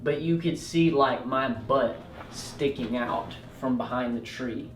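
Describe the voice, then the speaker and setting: Young man, comedic storyteller, animated, roomy echo, a bit off-mic. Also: mid-range voice, distant mic, faint music behind. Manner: animated, yelling out quoted lines and rushing through bursts. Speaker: storytelling host.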